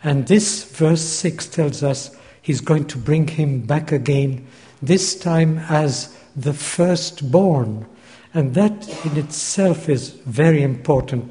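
A man preaching a Bible teaching sermon, measured and deliberate, repeating key phrases for emphasis, recorded in a large church hall. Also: on the high side, mellow. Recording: long hall reverb.

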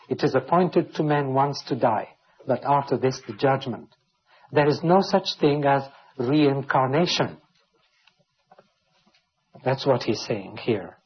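A man's voice: medium pitch, measured pace, husky. A man preaching a Bible teaching sermon, reading scripture aloud and explaining it verse by verse. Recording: dull lo-fi recording.

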